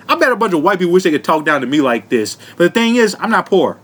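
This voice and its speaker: A man's voice: high voice, very animated, quick pace, fairly bright tone. A man giving a comedic commentary rant to his viewers, profane and mocking, laughing often and talking down to them. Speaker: vlogger.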